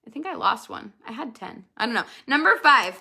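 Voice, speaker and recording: A woman in her thirties talks earnestly and directly to her sales team in a motivational video. Her voice sits a little high, with a bright, forward tone. She speaks to viewers as "you guys" and coaches them step by step. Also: big pitch swings, brisk, gravelly. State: emotional, near tears at times. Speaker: network marketing team leader.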